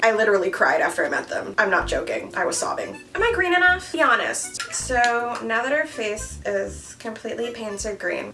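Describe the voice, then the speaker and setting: A woman's voice: medium pitch, far from the mic. A woman in her thirties with a Canadian accent, chatting casually and jokingly through a makeup tutorial. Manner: playful, joking, animated. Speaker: beauty vlogger.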